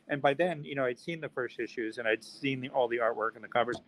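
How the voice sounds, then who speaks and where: A man's voice: mid-range voice, fast talker, hardly any pauses, poor audio. Male guest acting out an anecdote. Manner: animated storyteller acting out quoted voices. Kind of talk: anecdote in interview.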